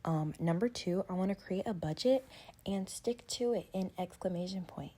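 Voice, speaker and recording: Young woman vlogger, relaxed and chatty, warm low-pitched voice, candid sit-down talk. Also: moderate pace. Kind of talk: casual sit-down chat about goals.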